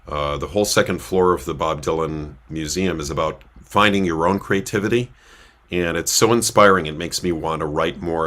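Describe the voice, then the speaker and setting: Super deep voiced cantor guy rambling thru a story, lots of uhs. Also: a bit bright. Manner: rambling, with many filler sounds. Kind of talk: casual storytelling on a livestream. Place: synagogue.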